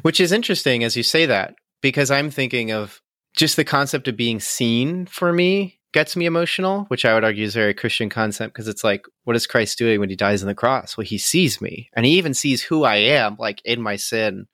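Bright-voiced man on a casual podcast. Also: medium pitch, fairly quick, no room sound, clean studio sound. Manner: laughs often, emotional and animated. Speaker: podcast co-host. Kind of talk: casual chat.

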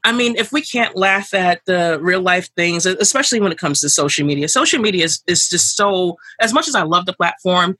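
A woman guest on a podcast talks in an emphatic, animated way and leans on many fillers. Her voice is bright and forceful but husky around the edges. The recording is dry and close. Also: on the low side, brisk, few pauses, no echo. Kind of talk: candid conversational interview.

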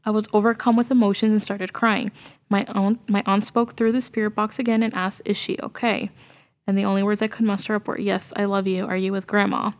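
Flat-voiced woman reading a ghost story. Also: medium pitch, a little fast, a little hiss or hum. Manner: earnest, gets emotional while reading. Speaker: podcast co-host.

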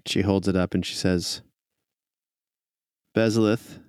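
A man acting as game master, narrating a tabletop game in a casual, plain way. His voice is low and gravelly, recorded dry and close. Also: fairly even intonation, measured pace, dry recording.

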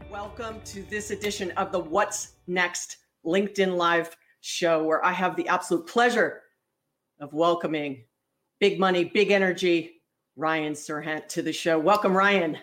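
A woman's voice: lowish voice, steady tone, a little slow, fairly bright tone, soft background music. A woman hosting an interview podcast, upbeat and friendly as she talks with her guest. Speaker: podcast host. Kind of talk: hosted interview.

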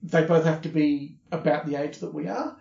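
Australian man, fairly high voice, casual podcast chat, opinionated, echoey dull room recording. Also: steady tone, normal speed, creaky, darkish tone. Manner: chatty, opinionated, repeats words when starting. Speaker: podcast co-host. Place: hotel room.

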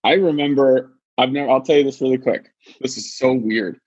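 A podcast co-host in his thirties tells a story in casual chat, his husky voice jumping up as he acts out other people's lines. The sound is dry and a little dull. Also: a little fast, no echo. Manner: animated, acts out quotes in high voices.

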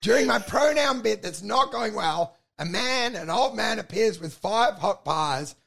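An Australian man with a high, gravelly voice tells a story in casual podcast chat. He swears freely, acts out quotes and gets loud and shouty as he goes. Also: animated, measured pace. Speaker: comedian and podcast host.

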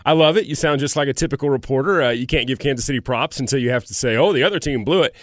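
A man's voice: medium pitch, racing, no room sound, studio quality. A man on a sports radio show talking football in an upbeat, proud, rambling way. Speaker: sports radio regular, nicknamed Coach. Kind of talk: casual sports talk.

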